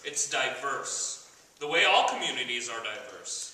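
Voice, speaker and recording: A man hosting a campus event, reading a scripted stage text in an earnest, measured way. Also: mid-range voice, expressive, sharp tone, a little hiss or hum. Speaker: event host. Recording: echoey hall, mic far off, faint ambience.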